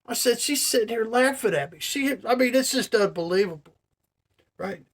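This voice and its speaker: A man's voice: very high-pitched, animated, moderate pace. A man telling viewers a story to camera in a casual, profane, ranting way. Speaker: vlogger.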